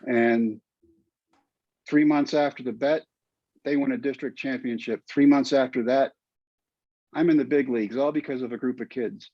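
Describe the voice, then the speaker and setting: A man's voice: medium pitch, fairly even intonation, moderate pace, long pauses, no echo. Earnest man telling his story. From United States. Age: 50s. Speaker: guest, former pitcher and teacher. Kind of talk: storytelling interview. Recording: dull dry podcast audio.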